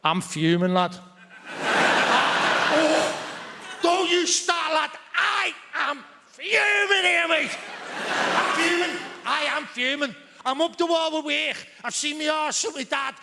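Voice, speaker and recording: A comedian voicing an excitable Liverpool man with a Scouse accent, loud and brash, either cheery or fuming. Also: extremely high pitch, slow, creaky, voice pushed up, full character voice. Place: large theatre stage. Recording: theatre reverb, faint noise.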